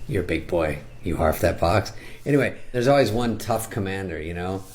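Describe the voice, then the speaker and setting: A comedian in his later years delivers a loose, sarcastic monologue. His voice sits fairly low, with dry, deadpan timing. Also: moderate pace. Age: older. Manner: sarcastic, deadpan riffing with high-pitched impressions.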